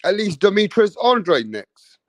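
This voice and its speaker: A man's voice: high-pitched, very animated, normal speed, no echo. A man hosting a boxing live stream, talking casually and swearing while reading viewer comments. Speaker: boxing channel host.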